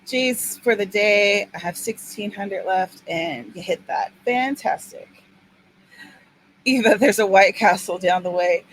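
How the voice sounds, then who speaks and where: A woman's voice: medium pitch, unhurried, a little hiss or hum, rough recording. A woman hosting a writing-sprint livestream in casual chat, upbeat and cheering viewers on by name.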